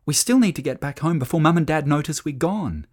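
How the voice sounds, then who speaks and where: A storyteller voicing a sensible, brisk young girl who calls out with urgency and takes charge. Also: medium pitch, expressive, a little mellow, close to an everyday voice. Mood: determined. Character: sensible girl, brisk and bossy older sister.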